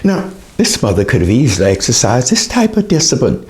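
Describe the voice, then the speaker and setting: A man lectures earnestly about raising children. He hesitates often, and his pitch swings widely as he stresses his points. He speaks with plain emotion. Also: huge pitch swings, fairly quick, darkish tone.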